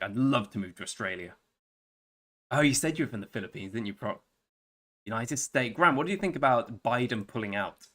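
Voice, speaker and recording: A man with an English accent and a somewhat low voice talks loosely through a live game stream. He rambles from one thought to the next in a wry, offhand way, greeting viewers by name as he plays. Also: a bit bright. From England. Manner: rambling, wry, chatty, answers chat by name. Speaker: gaming streamer. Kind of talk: casual live-stream chat while playing a strategy game.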